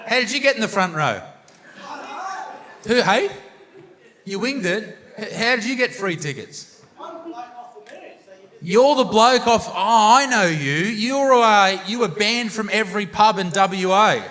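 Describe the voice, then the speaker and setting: A man's voice: high voice, expressive, measured pace, pauses often, pushed and bright. A young Australian man doing stand-up comedy, bantering crudely with the audience on a theatre stage into a handheld mic. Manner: brash, crude banter with the crowd. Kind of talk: stand-up crowd work. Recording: live hall reverb with audience noise.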